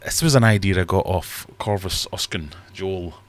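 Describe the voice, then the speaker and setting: A man's voice: low-pitched, normal speed. A man hosting a casual livestream from his fish room, rambling and self-deprecating as he reads chat aloud. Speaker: livestream host.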